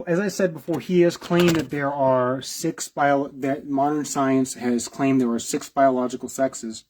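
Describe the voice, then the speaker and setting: A man with a husky, breathy voice gives reaction commentary on clips. He talks in rhetorical questions, restarts and repeats his points. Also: on the high side, a little mellow. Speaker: video blogger.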